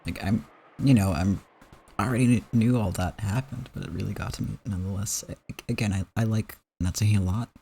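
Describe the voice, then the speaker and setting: A man's voice: fairly low pitch, fairly quick, gravelly, warm tone, slight background noise. A man hosting a game playthrough, talking casually in a rambling, stammering, emotional way. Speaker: let's play host.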